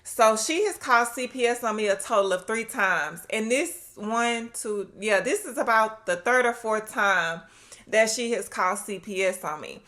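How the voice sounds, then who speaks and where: A woman's voice: fairly high pitch, normal speed, pushed and bright. A woman with a Southern US accent, talking candidly and from the heart to her vlog audience at home, recorded on a laptop mic. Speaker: vlogger. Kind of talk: casual talk to camera. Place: at home, indoors. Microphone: laptop built-in mic.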